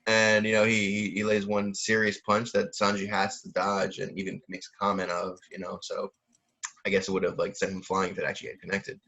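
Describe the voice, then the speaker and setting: A man with a low, monotone, bright and forceful voice talks a little fast while co-hosting a podcast. His casual chat rambles with many fillers, frequent laughs, and imitated sound effects.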